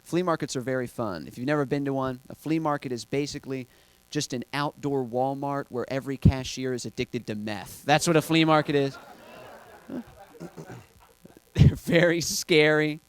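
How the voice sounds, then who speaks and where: A man's voice: mid-range voice, moderate pace, clean tone. A man doing an observational stand-up set in a dry manner on a handheld stage mic. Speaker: stand-up comedian.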